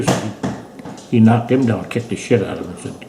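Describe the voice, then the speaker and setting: A man's voice: lowish voice, quick pace, vocal fry. A man, telling old family stories in a folksy, meandering way. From British Columbia, Canada. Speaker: family elder recalling the past. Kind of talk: rambling oral history storytelling. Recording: echoey room with faint hiss.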